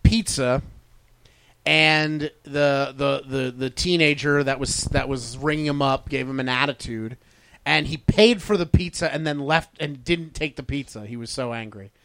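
A man co-hosting a podcast, telling animated stories in casual chat. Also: medium pitch, unhurried, smooth. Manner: animated storyteller, stubborn bragging. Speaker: podcast co-host.

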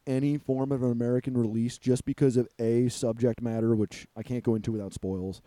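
Young guy hosting a movie podcast, mellow dark voice, lots of ums and laughs, dry close sound. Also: mid-range voice, fairly even intonation, no room sound. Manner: laughs often, halting with fillers and restarts. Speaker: podcast host. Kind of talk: casual movie review chat.

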